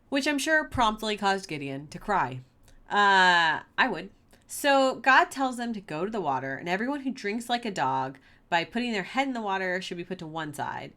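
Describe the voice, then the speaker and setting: A woman reads scripture aloud and then talks it through in a playful, chatty way. Her pitch sits in the middle, but it swoops up and down a lot as she jokes. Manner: animated, playful asides between read passages. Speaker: Bible podcast host. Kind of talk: casual Bible reading and commentary.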